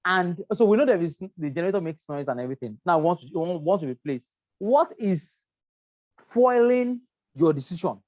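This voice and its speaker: A woman lecturing on workplace safety, her voice sitting a little low and landing hard on the words she wants remembered. She checks in with the class often and circles back over her points. The sound is dry and slightly muffled. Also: lively intonation, brisk, darkish tone, no room sound. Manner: emphatic, repeats words, asks "right?" often. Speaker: health and safety trainer.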